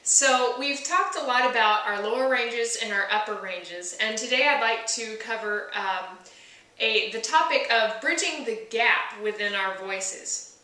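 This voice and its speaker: Bright woman teaching voice, echoey. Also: on the high side, unhurried. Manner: explains step by step, sings short demonstration notes. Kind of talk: singing lesson. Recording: echoey room from far off.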